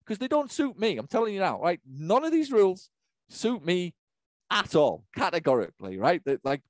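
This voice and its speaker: A business coach rants on a webinar, all swearing and hammered-home repetition. His voice sits high and swings wildly up and down. The sound is dry, with no room behind him. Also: big pitch swings, no echo. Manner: profane, emphatic, rapid-fire rant. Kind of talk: ranting webinar talk. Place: online webinar.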